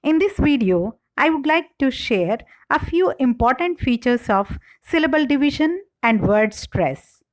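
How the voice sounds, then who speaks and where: Lady teacher reading out a lecture real slow, voice going up and down a lot. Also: sits high, animated, rough recording. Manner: slow, careful, deliberate delivery. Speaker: English professor. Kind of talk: scripted lecture.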